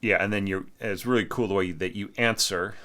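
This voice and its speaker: Speaking at a moderate pace, a man with a lowish, steady, bright, and forceful voice casually critiques someone's orchestration. As the teacher, he keeps saying "like" and "you know" and sings out notes.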